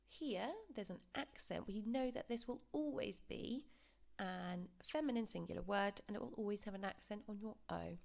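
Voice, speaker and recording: Patient teacher woman with a gravelly voice. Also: mid-range voice, darkish tone. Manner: clear, patient explaining with slow modelled repetitions. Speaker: Spanish teacher. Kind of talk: recorded classroom lesson.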